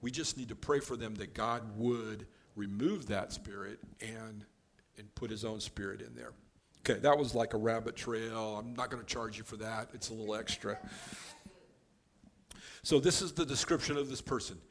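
A man giving a conversational Bible teaching, explaining verses in a relaxed way with offhand joking asides. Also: fairly low pitch, moderate pace, a little hiss or hum.

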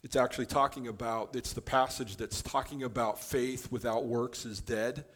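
A man giving a conversational Bible teaching, explaining verses in a relaxed way with offhand joking asides. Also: mid-range voice, normal speed.

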